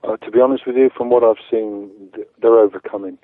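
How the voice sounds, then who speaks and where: A man's voice: fairly low pitch, steady tone, quick pace, dry recording. A man, an activist guest, answering interview questions earnestly, often stumbling and repeating words. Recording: tinny phone line.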